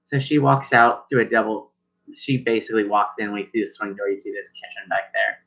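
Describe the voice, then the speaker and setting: A man's voice: fairly low pitch, a little fast, fairly bright tone, slightly rough. A man narrating as game master in a casual, rambling way. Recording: dull lo-fi recording.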